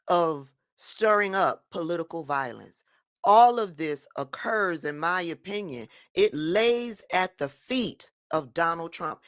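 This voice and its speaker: A woman's voice: on the low side, unhurried, a bit bright, no echo, studio quality. A woman giving firm, emphatic political commentary in a vlog monologue.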